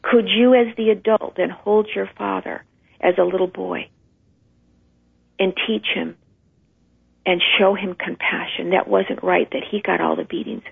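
Husky woman on a phone line. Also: medium pitch, fairly even intonation, measured pace, long pauses. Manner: earnest, emphatic, acts out inner voices. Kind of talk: conversational explanation.

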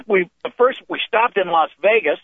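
A man's voice: sits high, measured pace, no echo. Older man telling stories over the phone. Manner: rambling, animated storytelling with restarts. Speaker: comedian guest. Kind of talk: anecdotal storytelling. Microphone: phone call. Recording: tinny phone line.

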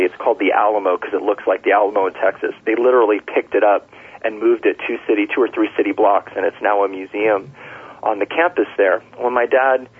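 Husky-voiced man telling stories over a phone line. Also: lowish voice. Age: middle-aged. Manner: relaxed storyteller, many fillers and restarts. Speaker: nurse, author. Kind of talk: casual interview talk.

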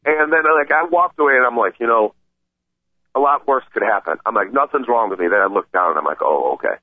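Excited rambling man on a tinny line. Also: mid-range voice, fast talker, no echo. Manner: excited, rambling, stammering retelling. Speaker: podcast regular telling a story. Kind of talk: casual storytelling. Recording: tinny phone-like sound.

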